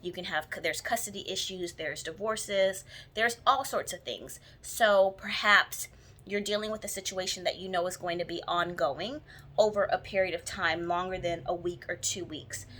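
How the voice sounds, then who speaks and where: Speaking at a normal speed with a sharp tone and a lowish pitch, this woman rambles through a casual to-camera tutorial on jar spells, stumbling into plenty of ums and restarts. As a spiritual practitioner, she shows real enthusiasm for her own craft.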